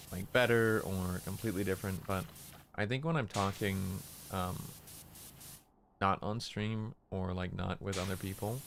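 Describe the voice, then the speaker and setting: A man casually chatting on a game stream, speaking in a relaxed, low-key and unexpressive way, deliberately keeping his voice in a lower register. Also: creaky, slight background noise. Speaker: livestreamer.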